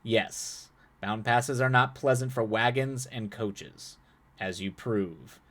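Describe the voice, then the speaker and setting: A man voicing a guarded, stone-faced male wanderer who speaks in a flat, blank and slightly rough tone. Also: mid-range voice, slow.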